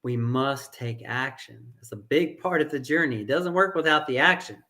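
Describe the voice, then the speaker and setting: A man's voice: mid-range voice, normal speed, bright, forceful tone. A middle-aged man giving an earnest motivational fitness talk as a coach, repeating phrases for emphasis.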